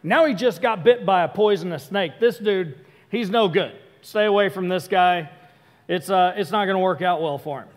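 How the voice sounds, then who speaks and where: High-voiced man preaching in a reverberant hall. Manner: conversational, self-interrupting, acts out quick asides. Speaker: pastor. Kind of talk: casual sermon.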